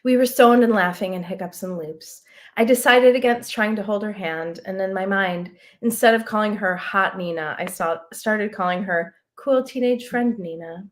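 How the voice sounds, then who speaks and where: A woman author reading a prose excerpt aloud in a measured, reflective way. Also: mid-range voice.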